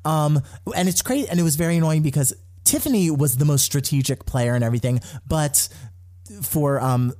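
A man's voice: on the high side, moderate pace. Chatty man recapping gossip. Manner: animated, gossipy storytelling. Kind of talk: casual chat recapping a reality show.

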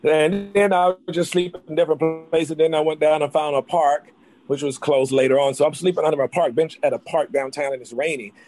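A man from North Carolina, an actor, telling his life story in an interview with rapid, excitable talk full of restarts. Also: a little high, music in the background. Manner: rapid, excitable, jumps back and forth with restarts.

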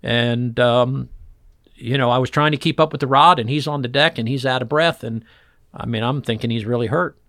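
A man who works as a fishing guide, telling old stories in a relaxed interview and acting out the voices of people in them. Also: mid-range voice, moderate pace, dry recording, studio quality. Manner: animated storyteller acting out voices in quotes. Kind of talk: storytelling interview chat.

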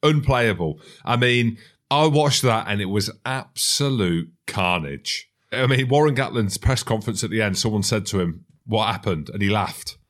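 A man's voice: fairly low pitch, moderate pace, fairly bright tone. A man hosting a sports podcast, enthusiastic and teasing in casual banter. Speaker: podcast host.

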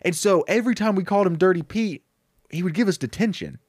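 A young man casually pitching a comedic story, rambling and acting out the characters' lines. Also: quick pace, no echo.

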